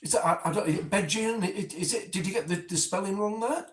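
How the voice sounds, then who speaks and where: A man's voice: sits high, fast talker. A man chatting animatedly about his impressions, often stumbling and restarting mid-word. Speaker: experiment subject. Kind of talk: casual chat recalling impressions. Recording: distant mic, echoey room, faint noise.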